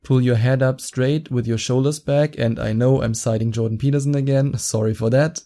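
A young man hosting a podcast, giving excited, fast-talking advice in a casual solo chat, quick to laugh. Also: medium pitch. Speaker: podcast host.

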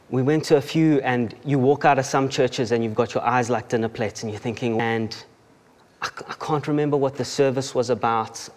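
A South African man shares his testimony from a church stage, his voice carrying a long reverb off the hall. He keeps it conversational and self-deprecating, laughing at himself and stumbling into restarts. His pitch sits in an ordinary middle range for a man. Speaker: church member giving a testimony.

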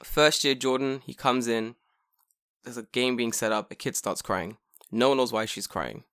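A man's voice: mid-range voice, moderate pace, clean tone, no echo, studio quality. A young man co-hosting a podcast, telling a story in casual, profane chat. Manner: profane, animated storytelling with acted quotes. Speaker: podcast co-host.

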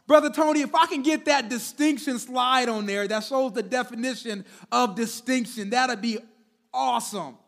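A male pastor with a strikingly high voice, preaching in a church sanctuary. He talks to the congregation in a conversational way, often repeating himself, and moves between loud punches and quiet, drawn-out words. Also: creaky. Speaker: senior pastor. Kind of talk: sermon.

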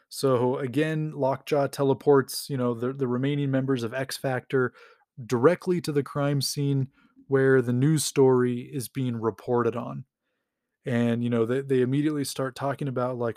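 A man's voice: medium pitch, flat delivery, moderate pace, darkish tone, no room sound, studio quality. A man hosting a podcast, casually recapping a comic book and rambling with lots of fillers and chuckles. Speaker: podcast host.

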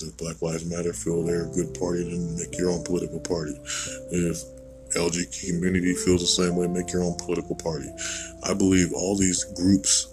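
A man's voice: low-pitched, poor audio. An American man hosting a podcast, rambling through a blunt, digressive opinion monologue with casual swearing. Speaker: podcast host.

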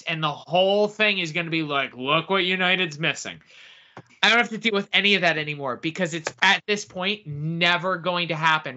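A man co-hosting a casual podcast, talking in an excitable, animated way. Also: a little high. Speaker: podcast co-host. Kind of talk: casual chat. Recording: dull lo-fi audio.

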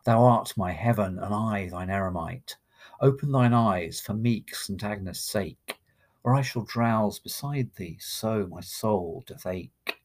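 A man voicing an ardent young male lover, reciting his lines slowly as poetry. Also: lowish voice. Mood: tender. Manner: slow, impassioned verse recitation.

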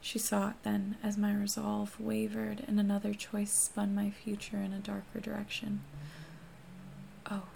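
A woman reads a first-person novel aloud in a hushed, steady voice that often sinks to a whisper. Her tone stays flat, with a strong gravelly fry, and a faint hiss of noise sits underneath. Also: medium pitch, a little slow. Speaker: audiobook reader.

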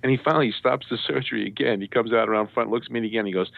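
A man telling a story as a radio show guest, lively and jokey, acting out the voices of the people in it. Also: mid-range voice, very fast, vocal fry, few pauses, no room sound. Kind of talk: animated storytelling. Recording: dry tinny phone line.

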